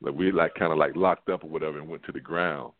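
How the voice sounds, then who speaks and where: Sounding like a former player trading stories as a sports-show guest, a low-voiced man tells a loose, winding anecdote at a quick pace. He's animated, trips over restarts, and leans heavily on "like." His voice comes through a thin, tinny phone line.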